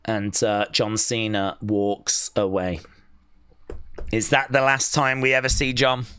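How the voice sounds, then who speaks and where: A man's voice: lowish voice, level tone, slow pace, bright, forceful tone, clean tone. A man hosting a live wrestling watch-along with teasing, sarcastic play-by-play. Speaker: live stream host.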